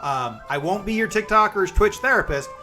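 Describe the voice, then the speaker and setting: A man's voice: high-pitched, animated, normal speed, pushed and bright, faint music behind. A man in his forties, streaming live and chatting casually, upbeat and calling viewers by name.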